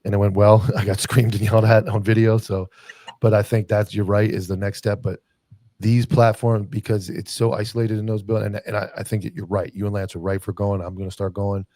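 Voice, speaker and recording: A man hosting a casual podcast conversation, talking quickly and often chiming in with agreement. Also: lowish voice, level tone, warm tone, no echo. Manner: rapid talker with frequent agreeing "yeah"s. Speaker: podcast host.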